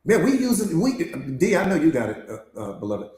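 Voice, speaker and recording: A man with a fairly high voice delivers a motivational master class as a coach. His delivery is emphatic and preaching, with points hammered home through repetition. The sound is roomy, with noticeable echo. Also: huge pitch swings, moderate pace, darkish tone.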